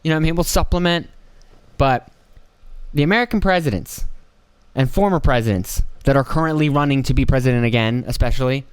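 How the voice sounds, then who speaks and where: A man hosts a solo podcast from his home, delivering a casual, rambling monologue laced with profanity and disbelief. His voice is smooth and mid-range, with no echo on the recording.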